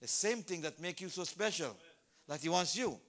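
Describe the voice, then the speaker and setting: A man preaching a sermon at a church service, animated, repeating names and breaking into shouted exhortations. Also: high-pitched, normal speed.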